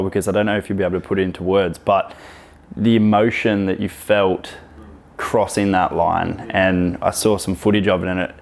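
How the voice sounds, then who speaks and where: A man with a very deep voice hosting a podcast. He asks his questions in a relaxed, casual way and lets a swear word slip now and then. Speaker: podcast host.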